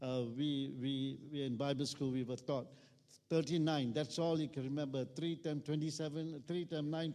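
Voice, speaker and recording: Male pastor preaching, fairly high voice, call-and-response, reverberant church hall. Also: darkish tone. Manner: call-and-response preaching, rising to emphatic peaks. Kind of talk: sermon.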